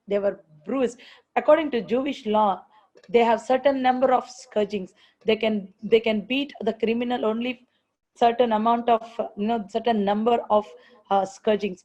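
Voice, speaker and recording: A woman's voice: a little high, darkish tone, dull audio. A woman preaching a sermon, emphatic, repeating her phrases and asking rhetorical questions.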